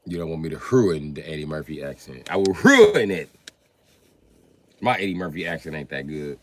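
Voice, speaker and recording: A man hosting a livestream, riffing in an animated, profane comedic rant with sudden jumps in pitch. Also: normal speed. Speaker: livestream host.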